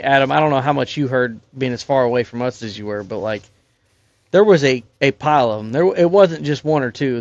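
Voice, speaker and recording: A man's voice: medium pitch, no echo, lo-fi sound. A young man on a podcast telling a rambling, profane hunting-camp story in casual chat. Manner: rambling and profane, many fillers. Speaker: podcast guest, hunting crew member.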